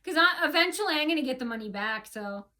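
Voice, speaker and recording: A woman's voice: high-pitched, lively intonation, quick pace, pushed and bright. A woman in a casual complaint vlog, telling her story in an indignant, rambling way with many restarts. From United States. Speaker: vlogger.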